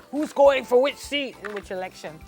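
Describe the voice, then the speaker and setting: A woman in her forties with a Jamaican accent, co-hosting a morning TV show in a lively, playful way and slipping into patois. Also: a little high, normal speed, faint music behind. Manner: animated, playful, switches into patois. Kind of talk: lively studio chat and news reading. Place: TV studio.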